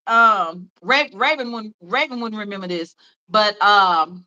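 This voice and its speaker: Memphis lady in her 30s rambling on a live stream, lots of um and you know, bright voice. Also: mid-range voice, unhurried, lo-fi sound. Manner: rambling and chatty, with many fillers and laughs. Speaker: livestream host. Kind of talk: casual chat.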